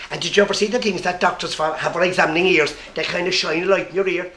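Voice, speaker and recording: A man with an Irish accent telling a comic story live to an audience, lively and playful. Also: high-pitched, fast, few pauses. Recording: echoey room with faint noise.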